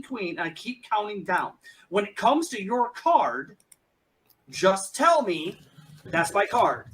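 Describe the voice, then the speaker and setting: Bright, animated male game master. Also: high voice, slight background noise. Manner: restarts often, rapid asides. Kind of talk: running a tabletop game.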